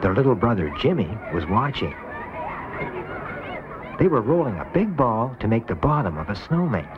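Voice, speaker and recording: A man narrating a children's storybook cartoon with an expressive reading, on a dull lo-fi VHS tape. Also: medium pitch, normal speed, a crowd in the background, noisy background.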